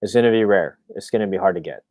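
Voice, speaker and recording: A man hosting his own live stream, chatting casually and excitedly, rambling with lots of fillers and restarts. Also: sits low, very fast, no echo.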